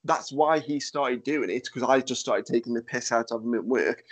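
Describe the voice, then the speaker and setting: A man hosting a podcast in casual chat, with a nasal, fairly monotone voice, swearing and laughing easily. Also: mid-range voice, brisk, hardly any pauses. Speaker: podcast host.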